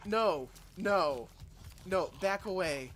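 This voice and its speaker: A man's voice: sits high, extremely slow, very noisy. A man livestreaming and reacting to game trailers, swearing freely and laughing often. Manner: profane, excitable, laughs a lot. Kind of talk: live reaction commentary.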